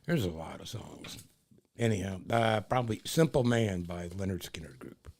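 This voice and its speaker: A man co-hosting a talk show, laid-back and low-key, giving short remarks and directions to the audience. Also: animated, moderate pace, gravelly, darkish tone. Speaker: co-host.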